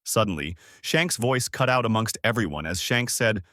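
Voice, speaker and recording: Low lively male storyteller. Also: normal speed, no room sound, clean studio sound. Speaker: channel host and narrator. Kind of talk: casual fan story narration.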